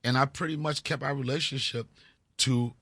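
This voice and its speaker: A man in his fifties from Washington, D.C., telling stories as a comedy guest in an animated, profane way. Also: medium pitch, normal speed, slightly rough, dry recording. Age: 50s. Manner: animated, profane, acts out scenes. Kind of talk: casual storytelling interview.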